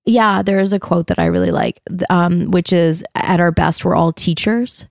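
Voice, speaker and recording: A woman's voice: fairly low pitch, sing-song, moderate pace, gravelly, darkish tone, no echo, clean studio sound. A middle-aged woman from Canada, an actress chatting casually as an interview guest, swearing lightly, laughing often and acting out what people said.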